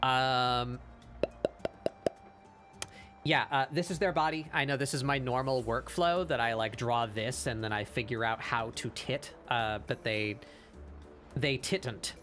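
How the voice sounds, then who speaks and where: A man's voice: mid-range voice, a little slow, pauses often, over music. Laid-back man hosting an art stream. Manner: laid-back, hesitant, many fillers. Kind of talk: casual stream chat while drawing.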